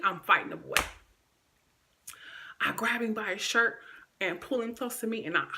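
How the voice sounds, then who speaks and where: A woman in her thirties talks straight to her viewers in a loose, rambling storytime. Her voice is bright and clear, close to the camera. Her pitch sits in a middle range. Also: expressive, measured pace, pauses often, a little hiss or hum. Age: 30s. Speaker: vlogger. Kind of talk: casual storytime chat to camera.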